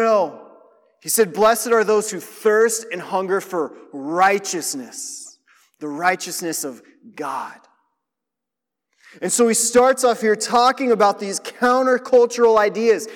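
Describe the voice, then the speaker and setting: With a high-pitched voice that echoes as if in a big room, a man delivers a sermon as a pastor. His preaching feels conversational and direct, pulling the audience in and asking them to notice.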